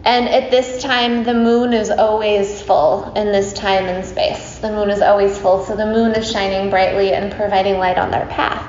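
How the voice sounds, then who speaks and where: A woman's voice: mid-range voice, fairly even intonation, moderate pace, few pauses, a little mellow. A woman teacher telling a story to a group in a chatty, playful way, with many fillers and asides to her listeners. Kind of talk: casual spoken storytelling. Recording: roomy, slightly dull recording with faint hiss.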